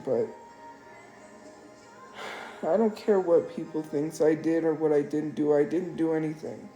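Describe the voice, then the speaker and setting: A low-pitched, warm female voice carries an emotional live-stream monologue in which the streamer sounds upset and defensive and says things more than once. Faint music and room echo fill the recording.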